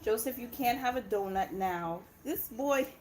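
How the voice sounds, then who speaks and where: A woman's voice: medium pitch, moderate pace, a little mellow. A young woman from Indiana chatting casually on a livestream, laughing often and breaking off to talk to her kids. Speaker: personal finance channel host.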